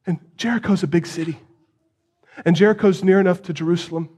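A man preaching a sermon, retelling the story dramatically and swinging from hushed tones to loud pleas, with rhetorical questions to the listeners. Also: high-pitched, steady tone, quick pace, slightly rough.

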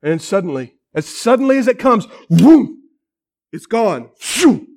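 Male pastor, sermon, lively dramatic storyteller, fairly high voice, uses quiet drops for emphasis. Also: normal speed.

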